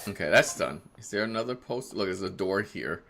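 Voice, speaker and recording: A man's voice: brisk, vocal fry, a little hiss or hum. A man in his thirties chatting casually on a live game stream, rambling, laughing often, answering chat. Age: 30s. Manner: animated, jumps in pitch when excited. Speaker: livestreamer playing a game.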